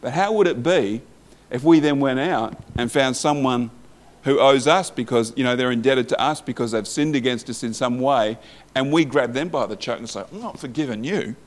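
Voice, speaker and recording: A man's voice: mid-range voice, moderate pace. A man preaching a sermon in a conversational way, reading scripture aloud and asking the listeners questions.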